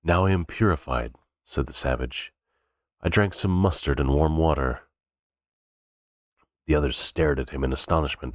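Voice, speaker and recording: A man's voice: a bass voice, normal speed, dry recording, clean studio sound. A man reading a novel aloud unrehearsed, stumbling and restarting words now and then. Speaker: reader. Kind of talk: cold-read audiobook narration.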